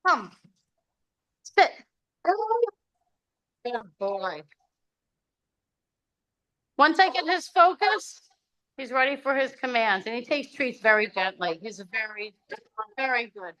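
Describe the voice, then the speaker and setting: A woman's voice: on the high side, normal speed, sharp tone, poor audio. A woman fostering a dog, presenting him casually over a video call.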